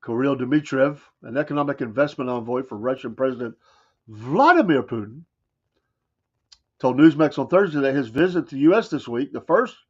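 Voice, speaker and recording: Over dull audio, a man's fairly high, husky voice carries a Southern American accent as he hosts a morning talk show. His casual talk radio monologue is folksy and wry, peppered with mocking asides.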